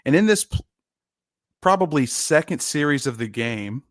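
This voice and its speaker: Animated male podcast storyteller, dry sound. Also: fairly high pitch, moderate pace, no room sound. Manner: animated storyteller, shouts quoted lines, laughs often. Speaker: podcast co-host, former lineman. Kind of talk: casual storytelling chat.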